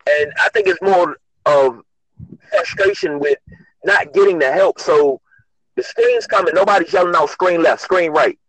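A man with a husky, slightly high voice gives a measured take in a casual sports discussion, slipping into players' voices for quick asides. The sound is close and dry. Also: sing-song, no echo, low-quality recording. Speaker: panelist.

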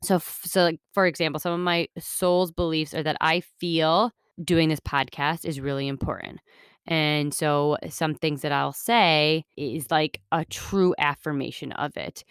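A woman's voice: deep voice, fairly even intonation, a little slow, clear, resonant tone, no echo, studio quality. A woman hosting a self-help podcast, talking in an earnest, rambling, motivational way with lots of fillers. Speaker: podcast host.

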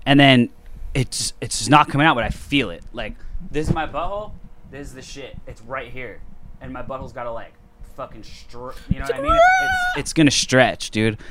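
A man telling a crude story in casual chat, animated and profane. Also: mid-range voice, normal speed, noisy background.

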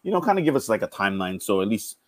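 Hesitant expectant father, lowish voice, dry close mic. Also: big pitch swings, racing, no echo. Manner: hesitant, restarts while asking questions. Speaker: expectant father asking friends. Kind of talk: casual chat.

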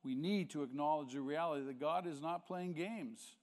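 A man's voice: on the high side, normal speed, darkish tone. A male pastor preaching a sermon with emphasis, asking the congregation rhetorical questions.

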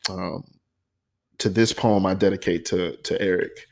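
Earnest low-voiced man reading his poem. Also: fairly even intonation, creaky. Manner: earnest and heartfelt, pausing with frequent ums. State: emotional, voice catching. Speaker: poet reading his own work. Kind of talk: personal poetry reading with reflective talk.

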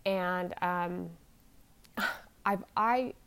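A woman in her forties with a somewhat low pitch and a fairly bright, smooth tone tells a personal ordeal directly to the camera as a vlogger. Shaken and anxious, she stumbles, restarts constantly and fills the gaps between her halting phrases.

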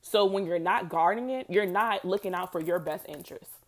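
A woman with a slightly low voice hosts her own podcast, talking alone about her life. She is chatty and reflective, full of fillers, and laughs often. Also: a little fast. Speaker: podcast host. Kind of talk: casual solo podcast monologue.

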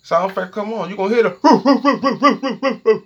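A man's voice: high-pitched, slow, husky, muffled recording. A man hosting his own podcast, talking in a loose, profane rant from his home setup and checking in with listeners. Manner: animated, profane, keeps asking "okay?". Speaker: podcast host. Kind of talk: casual solo podcast rant.

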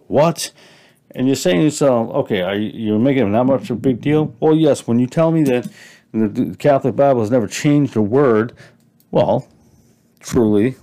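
A man's voice: mid-range voice, dark tone. A man with a North Dakota accent hosting a podcast, arguing emphatically and rambling over a home mic setup. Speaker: podcast host. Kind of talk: casual solo commentary on Bible versions. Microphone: amateur home mic, moves off-mic when turning.

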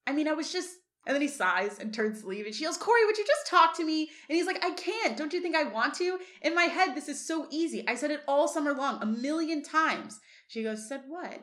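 A woman's voice: high voice, fairly quick, few pauses. A woman co-hosting a casual podcast, recapping an episode scene by scene and quoting the lines with lots of laughter. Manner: animated retelling, quotes scenes, laughs often. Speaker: podcast co-host.

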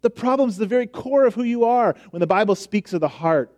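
A man's voice: high-pitched, expressive, brisk, a little mellow. A man preaching a conversational sermon, emphatic at times and dropping almost to a whisper at others. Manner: conversational, emphatic, with frequent restarts and drops to near whisper.

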